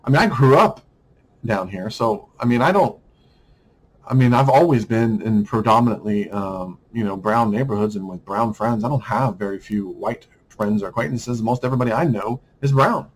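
A man's voice: on the low side, moderate pace, a little hiss or hum, low-quality recording. A man talking through a casual podcast monologue, rambling, with many restarts and fillers.

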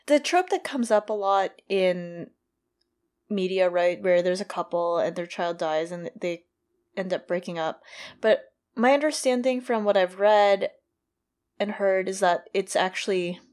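A woman co-hosting a podcast with a mid-range voice. She talks in a relaxed, conversational way. She moves between thoughtful points and quick, playful asides. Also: mid-range voice. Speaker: podcast co-host. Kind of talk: casual chat recapping a TV episode.

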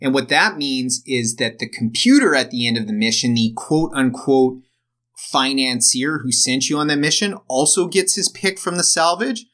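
A man co-hosts a casual podcast, talking enthusiastically and rambling with lots of fillers. His medium-pitched voice is fairly bright with lively intonation at a normal speed.

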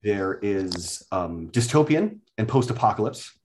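A man, a guest, explaining things step by step in a casual talk, often pausing with "um". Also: lowish voice, lively intonation, a little mellow. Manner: explains methodically, with many hesitations and "um"s. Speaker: guest, card deck inventor.

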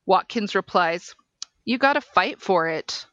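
A woman reads a case transcript aloud at an unhurried, deliberate pace, laying out each timestamp. Her voice is dry and close, with nothing of the room around it, and she sits at a middling pitch for a woman. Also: lively intonation, a bit bright, no room sound, highs cut off. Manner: measured, deliberate reading.

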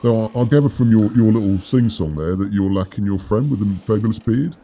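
A man's voice: lowish voice, fairly quick, mellow, a little hiss or hum, close to an everyday voice. A man voicing a chatty mechanic. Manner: rambling, friendly, stammering. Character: chatty, upbeat captive male mechanic.

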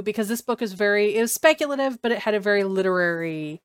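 A woman's voice: mid-range voice, quick pace, clear, resonant tone, no room sound. Chatty woman with a dry, close sound. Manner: animated, acts out her own reactions. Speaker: podcast co-host. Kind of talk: casual chat about books.

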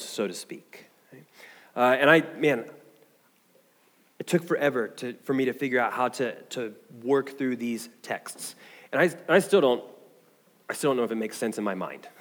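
A man's voice: medium pitch, big-room sound. A man preaching a sermon as pastor, talking in a loose, conversational way with frequent fillers and "right?" asides.

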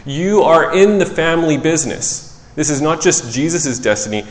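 A man preaching a sermon in a relaxed, conversational way, who often corrects himself and tells stories from his work as a child psychologist. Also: a little high, moderate pace. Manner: conversational, self-correcting, animated storytelling. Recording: echoey hall with long reverb.

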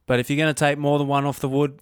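A man's voice: on the high side, flat delivery, racing, smooth, no echo. A man chatting casually on a podcast, direct and advising. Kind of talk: casual chat.

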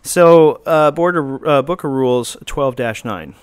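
A man's voice: mid-range voice, measured pace, clean tone, dry recording. A middle-aged man hosting a talk show, reading out rules in a dry, joking way. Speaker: host. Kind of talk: casual talk show banter.

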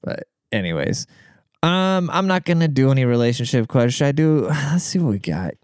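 A man's voice: medium pitch, sing-song, normal speed, darkish tone, clean tone, no echo, clean studio sound. A man hosting a podcast in a rambling, crude and profane casual monologue. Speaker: podcast host.

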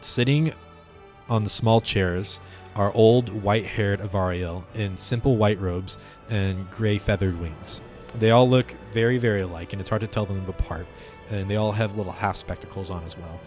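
A man's voice: lowish voice, moderate pace, a little mellow, faint music behind. A man narrating descriptively as game master of a tabletop game. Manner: descriptive, with fillers.

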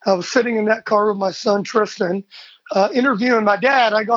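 A man's voice: sits high, brisk, no echo. A man in his forties from Michigan, a podcast guest telling a family story with energy and acting out the voices in it. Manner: energetic, animated storyteller who acts out quoted dialogue. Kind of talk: casual storytelling interview. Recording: dull, slightly lo-fi dry sound.

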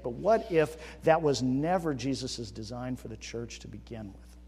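A man preaching a sermon as pastor, moving between quiet reflection and loud, emphatic rhetorical questions. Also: mid-range voice, normal speed, few pauses, slightly rough. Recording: reverberant hall.

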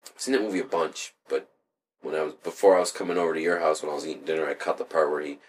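A man's voice: a bass voice, steady tone, rapid-fire. A young man in casual chat with a friend, rambling through scenes from films and shows with lots of swearing. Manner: rambling, profane storytelling that acts out quotes.

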